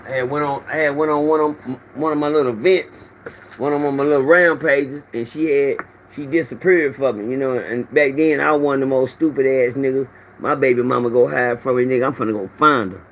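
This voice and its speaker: A man's voice: mid-range voice, fairly even intonation, brisk, a little hiss or hum. A middle-aged man hosting a casual livestream, greeting viewers by name and telling loose, profane stories into his phone. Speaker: livestream host. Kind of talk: casual rambling livestream talk.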